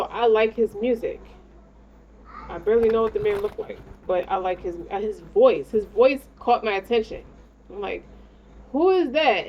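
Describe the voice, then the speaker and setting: A woman giving a casual tarot reading, rambling, slangy and profane, talking straight to the listener. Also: medium pitch. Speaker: tarot reader. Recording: dull lo-fi sound with faint noise.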